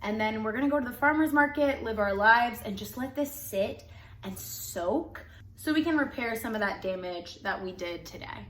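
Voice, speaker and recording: A woman's voice: on the high side, animated, normal speed, a bit bright. A young woman, chatting casually and bubbly to the camera in a lifestyle vlog. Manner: chatty, bubbly, laughs often. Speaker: lifestyle vlogger. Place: home, then outdoors.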